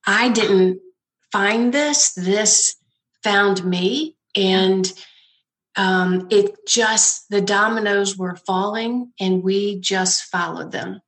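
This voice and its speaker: A woman's voice: mid-range voice, fairly even intonation, extremely slow, fairly bright tone. A woman who founded a nonprofit, telling her story in a conversational interview, laughing often and acting out the people she quotes.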